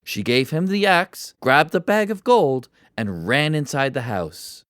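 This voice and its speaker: A narrator reads a children's story aloud for English learners, taking it slowly and with great care. The voice rises and falls in lively swings to bring each scene to life. The recording is dry and close. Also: mid-range voice, no room sound. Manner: slow, deliberate and expressive.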